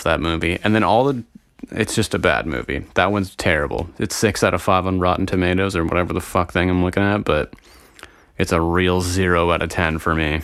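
A man's voice: low voice, fairly quick, a bit bright, no echo, clean studio sound. A young man chatting casually and profanely to his viewers, rambling and getting sidetracked as he talks. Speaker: vlogger. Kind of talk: casual solo chat to viewers.

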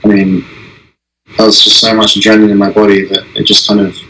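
A young man being interviewed, talking casually with many restarts and pauses. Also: lowish voice, flat delivery, noisy background. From Israel. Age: young adult. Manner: halting, many restarts and "I mean". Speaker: guest, Olympic alpine skier.

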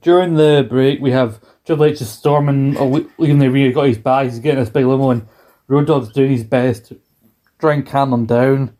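A man's voice: mid-range voice, steady tone, brisk, warm tone. A man co-hosting a casual podcast, rambling playfully through a wrestling recap and acting out lines. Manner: rambling, playful, acts out quotes. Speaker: podcast co-host.

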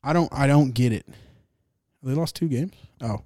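On his relaxed sports podcast, a young male host chats casually, rambling, joking and cursing about the games. He speaks at a moderate pace in a mellow mid-range voice, and the studio-quality recording has no echo.

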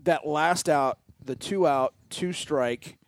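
A middle-aged man co-hosting a podcast, chatting casually about sports and telling stories with drawn-out, emphatic words. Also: fairly high pitch, gravelly, no echo. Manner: animated storyteller, stretches key words. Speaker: podcast co-host.

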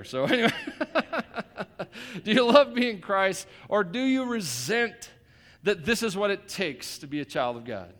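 A man's voice: high-pitched, fairly bright tone. A male pastor preaching a sermon in a conversational way, with joking asides and emphatic repetition.

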